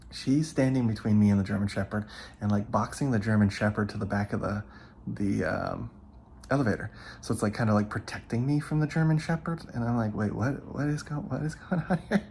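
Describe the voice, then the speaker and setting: A man's voice: fairly low pitch, fairly quick, creaky, a little mellow, a little hiss or hum. A man vlogging, casually telling a story to the camera and acting out what people said. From California. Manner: chatty, retells events with quoted asides. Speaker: travel vlogger.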